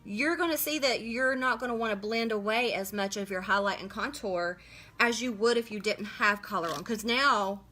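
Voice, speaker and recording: A woman's voice: medium pitch, moderate pace, bright, forceful tone. A woman hosting a casual live makeup tutorial, chatting as she works and greeting viewers by name. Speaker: makeup livestream host.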